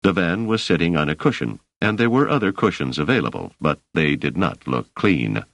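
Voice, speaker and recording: A man narrating an audiobook in a measured, expressive storytelling manner. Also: low-pitched, creaky, dry recording. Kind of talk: scripted narration.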